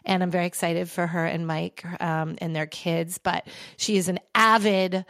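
A woman hosting her own podcast, talking in a chatty, emphatic way and drifting into excited gushing. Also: on the low side, normal speed, no room sound, clean studio sound. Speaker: podcast host. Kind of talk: casual solo podcast monologue.

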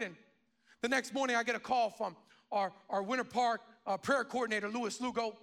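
Bright, gravelly-voiced male pastor preaching. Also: extremely high pitch, brisk. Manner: animated storytelling with many restarts. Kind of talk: sermon.

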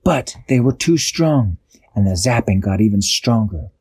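Man spinning an improvised bedtime story, breathy husky tone, dry close sound, lively delivery. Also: lowish voice, unhurried, dry recording. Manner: animated, acts out characters with occasional restarts.

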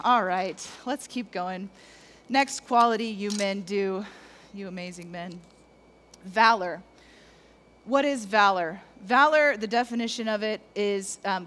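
A middle-aged woman preaching a lively, conversational sermon to men, talking straight to the audience. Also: mid-range voice, slight background noise. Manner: animated, conversational, addresses the audience directly.

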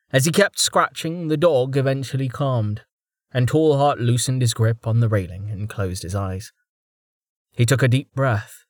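A man narrating a fantasy audiobook in a calm, measured storytelling voice. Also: mid-range voice, dry recording, clean studio sound. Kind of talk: scripted narration.

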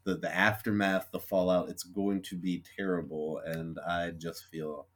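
A man's voice: low-pitched, flat delivery, a little slow, fairly bright tone. A young man co-hosting a podcast, venting in a frustrated, sweary, sarcastically apologetic rant. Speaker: podcast co-host. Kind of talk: casual chat.

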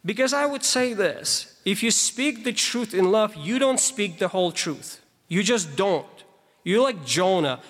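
A man with a high-pitched, slightly bright voice preaches a sermon, explaining scripture verses emphatically and tossing conversational asides to the congregation. The recording carries the long reverb of a large hall.

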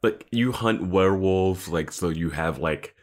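A man's voice: deep voice, unhurried. A man co-hosting a podcast, joking and laughing as he comments on a TV episode, with casual swearing. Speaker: podcast co-host. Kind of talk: casual chat reviewing a TV episode.

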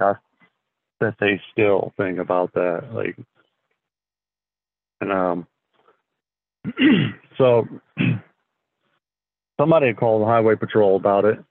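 A low-voiced man with a gravelly edge speaks slowly and haltingly, clearing his throat often between phrases. His voice comes through thin and phone-like, with a dry, close sound. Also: no echo. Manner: slow, halting, frequent throat clearing and fillers. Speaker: podcast guest. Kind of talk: casual storytelling.

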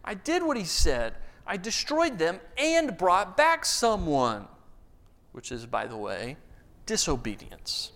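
A man with a fairly high voice delivers a sermon, retelling scripture and a personal anecdote. He talks in an animated way, often doubling words as he builds to a point. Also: takes it slowly. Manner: animated storyteller, rises loud and high for emphasis, repeats words. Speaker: pastor.

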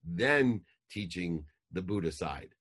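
A man's voice: low voice, expressive, slow pace, a bit bright, slightly rough. A man in his forties, a life coach telling a motivational story in an intense, emphatic way.

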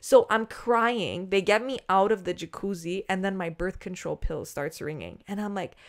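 Animated woman telling a wild story. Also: medium pitch, moderate pace. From not from Australia. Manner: animated, swears freely, acts out quotes. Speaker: podcast co-host. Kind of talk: casual storytelling chat.

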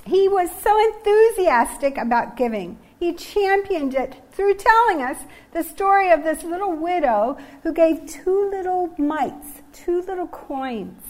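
A woman's voice: very high-pitched, lively intonation, measured pace, few pauses. A woman giving a sermon on generosity, earnest and emphatic, reading scripture passages from slides. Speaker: preacher.

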